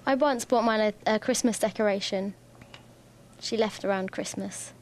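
A woman's voice: mid-range voice, normal speed. A woman on a radio show in casual chat, making dry, teasing asides.

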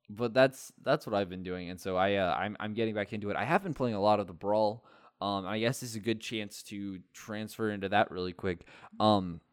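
Man, lowish voice, casual gaming chat, rambling, filler-heavy, dry close sound. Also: clean tone, no room sound. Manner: rambling, many fillers and restarts, laughs often. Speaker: podcast co-host.

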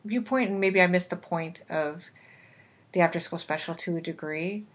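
A woman co-hosting a casual podcast chat, chatty and quick to laugh. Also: on the low side. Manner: chatty, laughs often, romantic enthusiast. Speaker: podcast co-host.

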